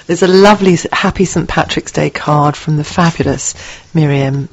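A woman's voice: deep voice, a little slow, highs cut off, crowd noise. Lady radio co-host, chatty, giggles a lot, playful banter. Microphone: studio microphone.

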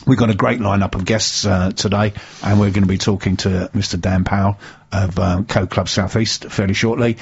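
A man's voice: on the low side, steady tone, normal speed, gravelly, husky, muffled recording. A man hosting a local business radio show, joking casually and stumbling over his words. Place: radio studio.

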